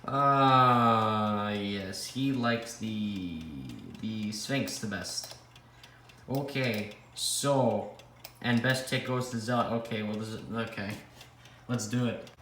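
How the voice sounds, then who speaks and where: A man's voice: fairly low pitch, steady tone, slow, sharp tone. Young guy rambling to himself on a vlog, roomy echo, bit of background hiss. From Canada. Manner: rambling, self-deprecating, talks to himself. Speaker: clock collector host. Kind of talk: casual vlog commentary. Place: indoor room with ticking clocks.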